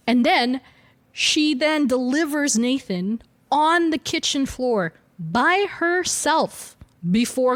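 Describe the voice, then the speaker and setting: A woman co-hosting a podcast, casually and animatedly retelling a comic story with frequent laughs and slangy asides. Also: sits high. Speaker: podcast co-host. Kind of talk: casual chat recapping comics.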